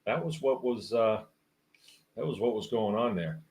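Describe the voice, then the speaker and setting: A man's voice: lowish voice, lively intonation, moderate pace, darkish tone. A man hosting a livestream, reading out viewer comments and musing in a rambling, wry, casual way. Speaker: host.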